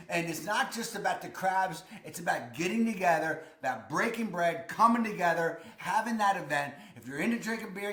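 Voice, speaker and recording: A man's voice: high voice, fairly bright tone, echoey room. A man from Baltimore with a Baltimore accent, talking to camera in a casual, enthusiastic, emphatic and folksy way. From Baltimore, Maryland. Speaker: host of a local living channel.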